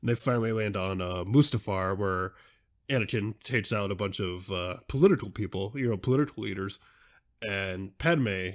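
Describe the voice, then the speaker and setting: A young man hosting a podcast in a casual, excitable, rambling way, often interrupting himself mid-sentence. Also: lowish voice, moderate pace. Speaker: podcast host.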